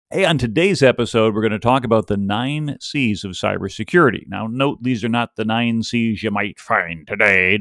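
A man hosting a podcast, reading a scripted segment in an upbeat, clearly enunciated presenter style. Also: medium pitch, a bit bright, dry recording, studio quality. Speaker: podcast host.

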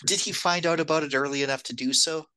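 Bright, wry woman co-host. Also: low-pitched, steady tone, no echo. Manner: quick reactive interjections, wry sarcasm. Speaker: podcast co-host. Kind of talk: casual film-recap chat.

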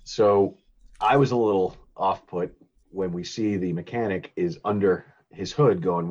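A man's voice: low voice, measured pace, darkish tone, husky, muffled recording. A man co-hosting a podcast, casually recapping a movie in a rambling, giggly way with lots of fillers and restarts. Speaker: podcast co-host recapping a film.

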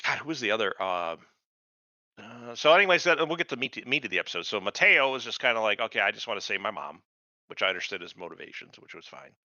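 Lively, profane man chatting on a podcast. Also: medium pitch, fast talker, dry recording. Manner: profane, animated, mocking asides. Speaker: podcast co-host. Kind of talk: casual chat reviewing a TV episode. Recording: dull lo-fi dry sound.

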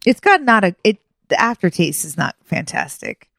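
A woman's voice: medium pitch, big pitch swings, moderate pace, vocal fry, a bit bright, dry recording, clean studio sound. A woman co-hosting a casual chat show, playful and joking, reading product blurbs aloud. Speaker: co-host.

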